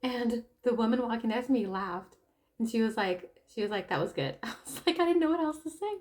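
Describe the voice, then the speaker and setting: A woman with a somewhat high voice talks straight to camera in a loose, unscripted monologue. She tells her story with plenty of energy and acts out the people in it. She often breaks off to laugh or throw in a quick aside. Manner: animated storytelling, acting out quoted people. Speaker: tarot reader and spiritual coach. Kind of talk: casual opinion monologue.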